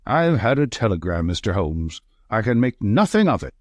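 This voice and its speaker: A man's voice: fairly low pitch, very animated, normal speed, no room sound, studio quality. A man voicing a worried, sullen old man who protests fretfully.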